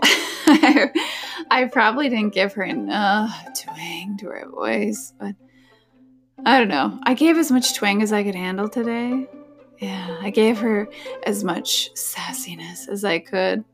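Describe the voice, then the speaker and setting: A woman's voice: medium pitch, expressive, unhurried, faint music behind. Woman audiobook narrator, worn out but chatty, casual sign-off. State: tired. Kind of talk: casual sign-off after a reading.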